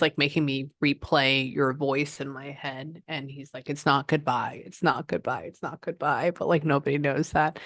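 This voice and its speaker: A woman working as a psychic medium, giving a client a reading and passing on messages in an animated, chatty way. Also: deep voice, no echo, clean studio sound. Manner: animated, relays messages in quotes, frequent "hold on".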